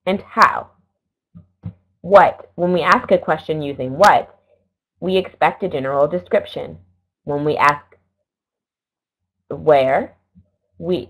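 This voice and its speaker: A middle-aged woman teaching an English lesson, explaining slowly and carefully and correcting herself now and then. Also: low voice, breathy edge. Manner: slow, careful explaining with small self-corrections. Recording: dull lo-fi recording.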